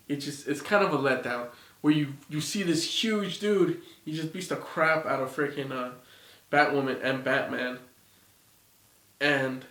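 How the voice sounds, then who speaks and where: A man's voice: on the high side, fairly bright tone. A man giving a casual, rambling opinion rant, swearing often and sounding exasperated. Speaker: video reviewer. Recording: roomy echo, off-mic.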